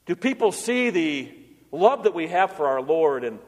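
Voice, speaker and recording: A man with a high voice preaches an earnest sermon to his church. He slips into the voices of the people he quotes to make his point. His voice rings out with the long reverb of a large hall. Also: big pitch swings, normal speed. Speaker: pastor.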